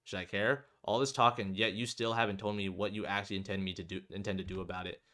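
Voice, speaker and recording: A man's voice: fairly low pitch, steady tone, fast, bright, forceful tone. A man voicing a defiant young male student who speaks curtly and sarcastically. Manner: curt, sarcastic, muted.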